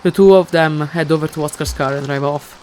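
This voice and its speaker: A woman's voice: sits low, a little fast, darkish tone, soft background music. A woman hosting a gaming channel, reading a visual novel's narration aloud in a plain, subdued manner.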